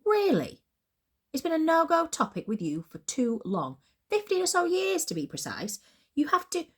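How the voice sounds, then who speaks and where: A woman's voice: high-pitched, huge pitch swings, moderate pace, voice pushed up, full character voice. A woman voicing a blunt, caring female friend and boss who pushes hard and talks matter-of-factly. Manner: pushy, insistent, matter-of-fact.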